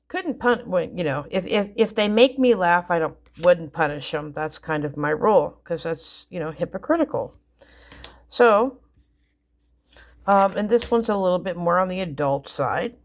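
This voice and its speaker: Middle-aged woman, lower voice, slow rambling story delivery, lots of ums and restarts. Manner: rambling, with many fillers and restarts. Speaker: mother telling family stories. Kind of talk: casual storytelling.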